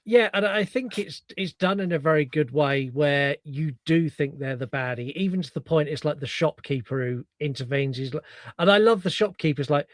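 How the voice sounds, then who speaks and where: A middle-aged British podcast co-host chats casually, animatedly retelling film scenes. His voice is a little high, at normal speed, in a dry recording.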